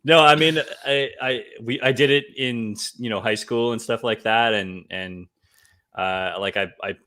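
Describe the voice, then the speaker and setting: A man from Canada co-hosting a podcast in casual chat, wry and measured, letting his phrases trail off. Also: mid-range voice, pushed and bright. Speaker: podcast co-host.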